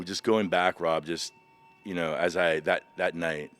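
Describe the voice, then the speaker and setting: A man in his fifties, a veteran guest on a podcast, candidly retelling personal stories in an animated way. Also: low-pitched, moderate pace, soft background music. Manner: animated, vivid retelling of past events.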